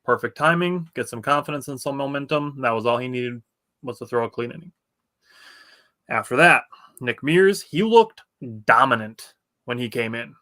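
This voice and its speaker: A man co-hosting a sports podcast, telling game stories in an excited, chatty way. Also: mid-range voice, moderate pace. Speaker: podcast co-host. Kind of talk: casual sports chat.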